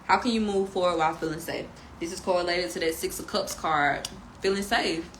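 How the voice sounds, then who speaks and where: A woman's voice: lowish voice, fairly quick, slight background noise, low-quality recording. A woman giving a casual tarot reading and spiritual pep talk, emphatic and preachy with slangy asides. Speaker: tarot reader and spiritual guide.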